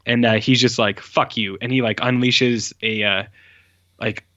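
Bright-voiced rambling man in casual chat. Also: medium pitch, level tone, normal speed, no room sound, lo-fi sound. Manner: rambling, lots of "like" fillers and self-corrections. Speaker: podcast co-host reviewing films.

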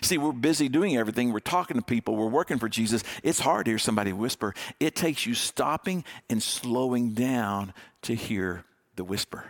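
A man preaching a sermon, dropping to a hush on key words with dramatic pauses. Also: medium pitch, expressive. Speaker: pastor.

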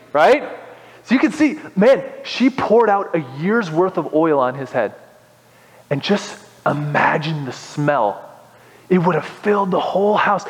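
A young man preaching a sermon as pastor, animated and building to impassioned exhortation. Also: fairly high pitch, big-room sound, poor audio.

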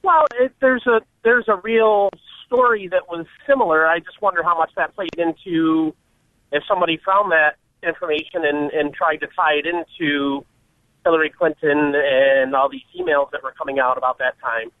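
A caller, a man with a somewhat high voice, coming through a thin, tinny phone line. He talks hesitantly and fills his pauses with "uh.". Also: fairly even intonation, dry recording. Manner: hesitant, many fillers. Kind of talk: call-in to a talk show.

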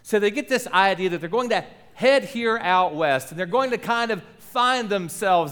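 A man preaching a Sunday sermon from a church pulpit mic, friendly and questioning, with emphatic pauses. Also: high voice, fairly bright tone, clear, resonant tone. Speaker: pastor. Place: church sanctuary. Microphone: lowered stand or pulpit microphone.

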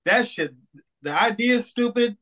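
A man co-hosting a podcast in casual chat, animated, swearing a lot and laughing often. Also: extremely high pitch, moderate pace, rough recording. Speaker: podcast co-host.

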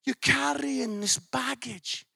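A speaker with a British accent voicing God, who speaks slowly and softly with patient disappointment. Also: sits high, vocal fry, slightly rough, dry recording, clean studio sound, heavily acted. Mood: gently sad.

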